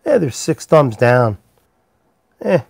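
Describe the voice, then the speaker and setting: A man's voice: medium pitch, big pitch swings, slow, creaky, slightly rough, dry recording. A man hosting a casual live stream from his workshop, rambling easily while he works and greeting viewers by name. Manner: rambling, easygoing, talks to chat viewers by name. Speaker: livestream host and pipe maker.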